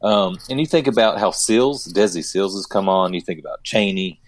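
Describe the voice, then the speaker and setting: A man talking casually on a sports podcast, rambling and halting, with many restarts. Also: on the low side, no echo. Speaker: podcast co-host.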